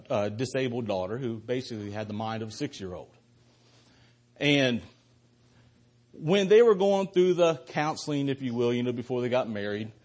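A man's voice: on the high side, husky. A man preaching a sermon to a church congregation as a visiting speaker, earnest and building to fervent emphasis.

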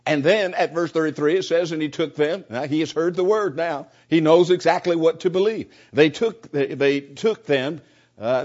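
A man teaches an unscripted Bible class, earnest and tripping over repeated words as he goes. His voice is a little high with a darkish tone. The class recording is dull and lo-fi.

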